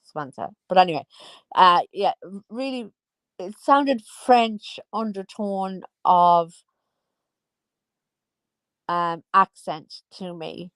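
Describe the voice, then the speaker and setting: A woman's voice: lowish voice, no echo. Chatty woman in her forties. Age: 40s. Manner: chatty, teasing, sing-song asides. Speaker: vlogger. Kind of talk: casual gossip commentary.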